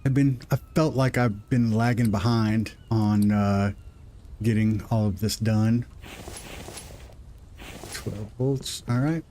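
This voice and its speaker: A man's voice: fairly low pitch, steady tone, slow pace, pauses often, mellow, slight background noise. A middle-aged man hosting a live gaming stream, rambling and self-deprecating as he talks through his progress into a desk microphone at home. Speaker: gaming livestream host. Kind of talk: live gameplay commentary.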